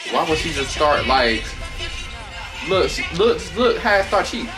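Man, reaction vlogger, animated profane gossip, swooping lively pitch, music playing behind. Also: a little slow. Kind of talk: casual reaction commentary. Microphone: camera on a tripod.

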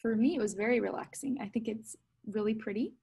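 A woman, a kindergarten music teacher, gently and patiently talking small children through a recorded music lesson in simple words. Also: a little high, brisk, creaky, a little hiss or hum, low-quality recording.

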